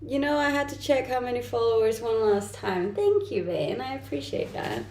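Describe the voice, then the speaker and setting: Creaky-voiced young Danish woman streaming. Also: a little high, lively intonation, moderate pace, a little mellow, a little hiss or hum. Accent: mixed, Danish-tinged English. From Denmark. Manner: chatty, reads chat aloud and answers with light laughs. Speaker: streamer and content creator. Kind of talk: casual livestream chat. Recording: roomy echo.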